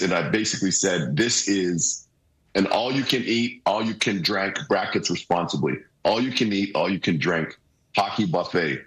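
A man with a deep, hoarse voice talks hockey over a video call. He is energetic and hammers his points home through repetition. His remote feed sounds roomy and echoey. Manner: energetic, repeats phrases for emphasis. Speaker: guest hockey analyst. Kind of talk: casual sports talk. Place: remote room, joining by video.

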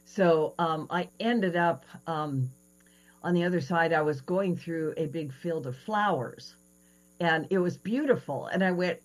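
Low-voiced woman radio host, animated. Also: measured pace, poor audio. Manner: animated storytelling, hesitant fillers. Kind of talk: casual radio interview chat.

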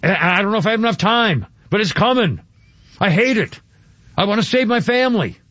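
A man's voice: high-pitched, expressive, brisk, fairly bright tone, no echo. An older man hosting a talk radio show, rambling and agitated, with many fillers and restarts. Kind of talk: opinionated talk radio commentary. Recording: dull radio broadcast sound.

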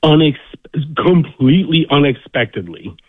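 Excited male fan on a tinny phone line. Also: on the high side, moderate pace, dry recording. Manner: excited, emotional fan talk, rambling. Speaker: caller.

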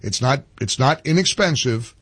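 A man's voice: expressive, normal speed, fairly bright tone, breathy edge, no echo. An older man hosting a radio talk show, ranting with rising passion and repeating himself. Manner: impassioned, climbs high when ranting, repeats phrases.

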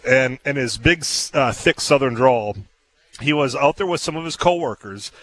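A man's voice: medium pitch, moderate pace, fairly bright tone, rough recording. A man hosting a talk radio show, chatting casually and telling stories with frequent fillers and laughs, in a radio studio. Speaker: radio host.

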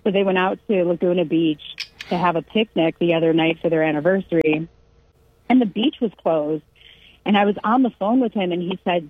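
A woman from California telling a long family anecdote in casual chat, animated and acting out the quoted lines. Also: lowish voice, normal speed, husky, dry recording. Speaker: storyteller. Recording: tinny phone-line sound.

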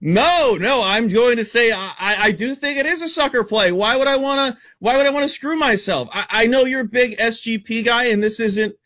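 Brief: high-voiced male betting analyst, rapid-fire stats, blunt opinions. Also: sharp tone. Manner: rapid-fire stat-heavy, emphatic and opinionated. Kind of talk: casual radio sports betting talk.

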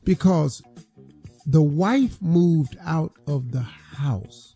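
A man hosting a talk radio show, telling a story in an animated, emphatic way. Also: a little high, extremely slow, husky, faint music behind.

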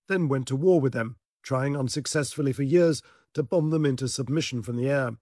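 Measured male correspondent. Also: mid-range voice, darkish tone, breathy edge, no room sound, studio quality. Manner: measured, authoritative delivery. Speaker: security correspondent. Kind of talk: scripted news report narration.

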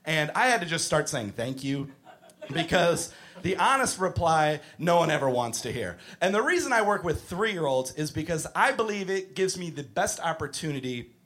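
A man doing a stand-up routine, profane and animated, shouting his punchlines. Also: on the high side, moderate pace. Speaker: stand-up comedian.

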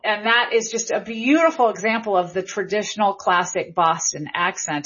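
Middle-aged woman, linguist guest, husky and muffled, enthusiastic explainer. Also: lowish voice, a bit bright. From American South. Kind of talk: interview answers, explanatory. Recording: dull lo-fi audio.

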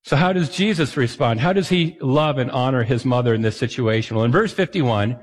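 This pastor's sermon is chatty and full of questions for the congregation, delivered by a man with an expressive mid-range voice at a fairly quick pace. The recording carries long hall reverb.

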